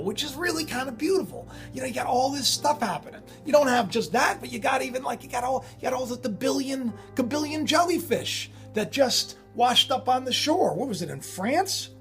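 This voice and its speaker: A man hosting his own channel, talking in a rambling, excitable way full of digressions and self-interruptions. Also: very high-pitched. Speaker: channel host. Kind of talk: rambling spiritual commentary.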